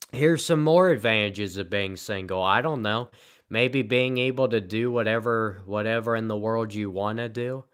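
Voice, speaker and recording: A man with a Southern American accent, chatting casually on a livestream and answering comments in a rambling, deadpan, self-mocking way. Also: lowish voice, normal speed, clear, resonant tone. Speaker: live streamer.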